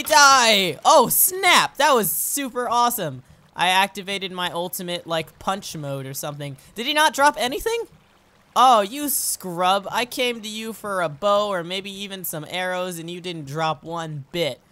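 Young let's player, bright edgy tone, goofy and hyper, yelps at every little thing. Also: medium pitch. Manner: excitable and goofy, with sudden squeals and exclamations. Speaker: let's play host. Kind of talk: casual gameplay commentary.

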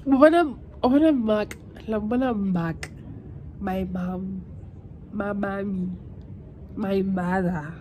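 A woman's voice: medium pitch, steady tone, extremely slow, long pauses, dull audio, slight background noise. A South African woman in her twenties chatting casually in a vlog, emotional and switching languages mid-sentence. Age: 20s. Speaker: vlogger.

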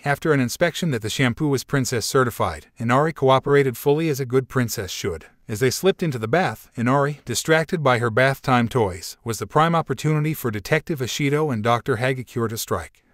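A man narrating fan fiction in an even, formal reading voice, voicing all the dialogue himself. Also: mid-range voice, no room sound, studio quality.

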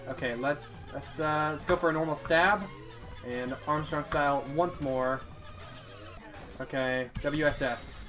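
Young male let's-play host, excitable commentary, somewhat high voice, music under. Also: a little slow. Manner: excitable, swears and yelps at the game. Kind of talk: casual gameplay commentary.

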